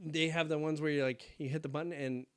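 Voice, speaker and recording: A man's voice: on the high side, quick pace, clear, resonant tone. A young man co-hosting a podcast, telling stories in a casual, profane, laughing way. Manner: animated, profane, laughing storyteller. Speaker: podcast co-host. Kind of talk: casual chat, storytelling.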